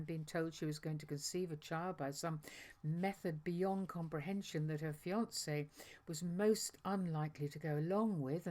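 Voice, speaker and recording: Speaking in a low, dark, natural voice, a woman reads a dramatic monologue as an angel messenger. The angel is chatty and awestruck, recounting a visit conversationally and rambling, tripping over asides and correcting herself.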